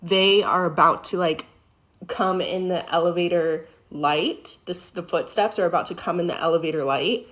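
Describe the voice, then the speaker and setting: A woman's voice: on the low side, normal speed. A woman, a former EMT, telling a scary story to camera in a rambling way with many fillers. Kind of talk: storytime monologue.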